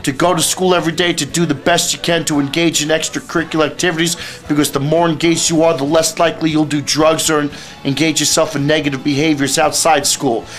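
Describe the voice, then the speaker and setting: A man's voice: fairly high pitch, little pitch movement, fast, faint music behind. A man who is a youth speaker and life coach, giving teens blunt, lecturing advice in a direct monologue.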